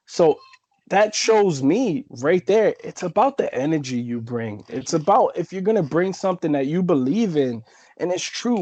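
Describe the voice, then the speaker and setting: A man's voice: mid-range voice, a little mellow, no echo. A man who is a professional wrestler, speaking as an interview guest in an emphatic, persuasive way and repeating his points. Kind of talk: casual interview chat. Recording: dry, dull lo-fi sound.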